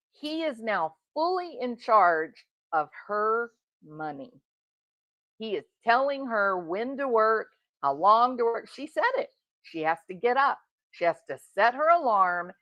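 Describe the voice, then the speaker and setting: As a commentary host reacting to true crime, this middle-aged woman talks straight to the subject with emphatic indignation. Her voice is mid-range and a bit bright, on a dry recording with the highs cut off.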